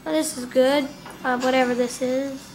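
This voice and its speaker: A woman's voice: sits high, steady tone, normal speed, darkish tone, soft background music. A woman giving casual, playful let's play commentary on a video game, chatting and muttering to herself.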